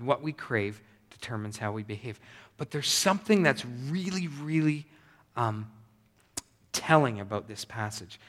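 Man preaching in a reverberant hall. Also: medium pitch. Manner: conversational, animated preaching with repetitions. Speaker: pastor. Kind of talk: sermon.

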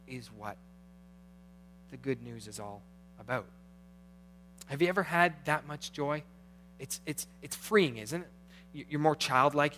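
A middle-aged man preaching a sermon as pastor, swinging between hushed, intimate passages and animated, rising ones. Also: mid-range voice, a little hiss or hum.

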